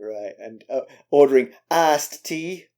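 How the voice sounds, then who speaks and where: A man's voice: mid-range voice, animated, slow pace, dark tone. A man co-hosting a book podcast, wry and hesitant, often restarting his sentences. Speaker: podcast co-host. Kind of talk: casual podcast chat.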